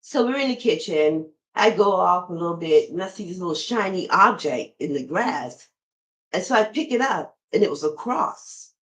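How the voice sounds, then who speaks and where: This middle-aged woman's podcast has her recounting a personal story, addressing listeners head-on in a chatty tone. She speaks at a normal speed with a fairly low, expressive voice, and the recording is low quality.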